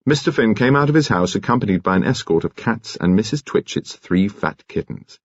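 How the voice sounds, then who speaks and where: A man narrating an audiobook in a crisp, expressive, measured way. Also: on the low side, no echo, lo-fi sound. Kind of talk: scripted narration.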